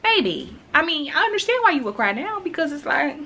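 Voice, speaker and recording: A woman's voice: high voice, fairly quick, slight background noise. Chatty young woman telling a story. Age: 20s. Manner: chatty, animated, acts out her own past lines. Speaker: vlogger. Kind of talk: casual storytime chat to camera.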